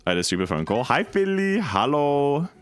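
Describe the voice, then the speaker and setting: A man's voice: on the high side, big pitch swings, normal speed, clear, resonant tone, no echo, faint music behind. A man casually chatting and joking with his chat while speedrunning on a livestream. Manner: playful, jokey, reads chat aloud. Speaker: streamer.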